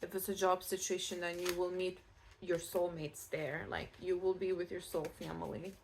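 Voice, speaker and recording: A woman's voice: lowish voice, little pitch movement, moderate pace, slight background noise. A Scottish woman giving a casual pick-a-card tarot reading, chatty and reassuring, with many fillers and restarts. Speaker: tarot reader.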